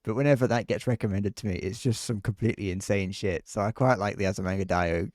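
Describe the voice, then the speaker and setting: A man's voice: on the low side, fairly even intonation, fast, a little mellow, no echo, clean studio sound. A young British man chatting casually on a live gaming stream, rambling with frequent restarts and laughs.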